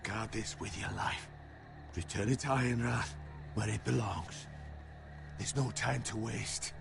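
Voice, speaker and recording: An actor playing a gruff, battle-hardened lord who is wounded, heard as game audio under music. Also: male voice, fairly low pitch, measured pace. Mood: urgent.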